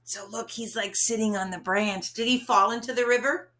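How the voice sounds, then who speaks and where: A woman reading a picture book aloud to children, expressive and asking them questions. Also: on the high side, normal speed. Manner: expressive, asks listeners questions.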